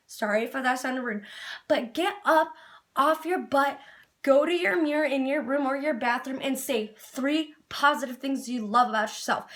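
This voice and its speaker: A woman's voice: sits high, fairly bright tone. A young woman talking to camera in an earnest, rambling personal vlog, laughing at herself and at times tearful. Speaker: vlogger.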